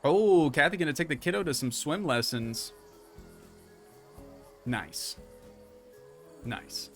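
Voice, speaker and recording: A man's voice: on the high side, expressive, slow pace, long pauses, fairly bright tone, faint music behind. A young man casually commenting as he builds in a game, chatting to his viewers and thinking aloud. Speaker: streamer.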